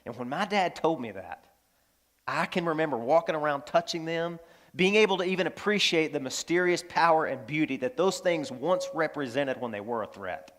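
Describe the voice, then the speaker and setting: A man preaching a sermon as pastor, animated, swinging from loud exclamations to hushed, tender lines. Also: fairly high pitch, a little fast.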